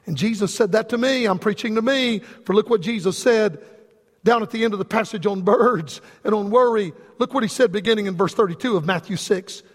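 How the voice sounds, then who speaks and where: A man's voice: extremely high pitch, brisk. A man preaching a sermon with an impassioned, repetitive cadence. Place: church sanctuary. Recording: long reverb from a large hall.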